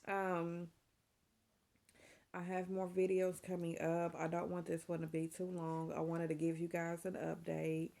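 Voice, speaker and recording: Emotional woman, low and gravelly. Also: completely flat delivery, unhurried, warm tone. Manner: chatty and emotional, saying y'all. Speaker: vlogger. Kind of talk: casual chat to camera.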